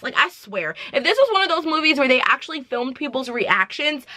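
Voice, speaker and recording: Bright, animated young woman vlogger. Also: sits high, moderate pace, hardly any pauses, dry recording. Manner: animated, dramatic retelling with slang and asides. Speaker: vlogger reviewing a film. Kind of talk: casual chatty movie recap.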